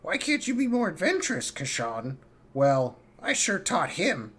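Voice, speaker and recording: A man voicing an eccentric male archmage who collects magical creatures, chatty and rambling, quick to snap. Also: on the high side, huge pitch swings, a bit bright, slightly rough, pitched above the performer's own voice, full character voice.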